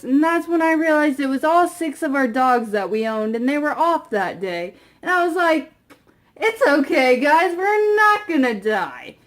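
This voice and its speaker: A young woman vlogger rambles casually through a long story to the camera, filling it with fillers and quiet asides that trail off. Her voice sits on the high side.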